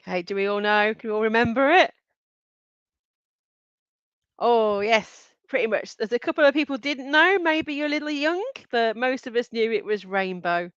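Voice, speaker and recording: A bright-voiced woman hosts a live online quiz, chatting between questions and often breaking into a giggle. Her voice is smooth and clear but sits a little high. The sound is dry and slightly dull, like lo-fi stream audio. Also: normal speed, dry recording. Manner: chatty, reads out answer options and names, giggles often. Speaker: quiz host.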